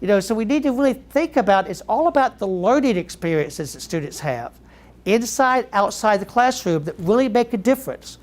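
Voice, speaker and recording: High-voiced Georgia-accented man speaking. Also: a little fast. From Southeast Georgia, US. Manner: lively storyteller who quizzes the audience. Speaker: keynote speaker. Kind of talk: keynote speech to educators.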